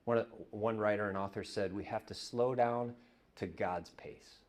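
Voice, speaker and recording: A man preaching a conversational sermon as pastor, telling stories and dropping to a hush on repeated words. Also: fairly low pitch, fairly even intonation, measured pace. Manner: conversational, storytelling, drops to hushed repetitions. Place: church.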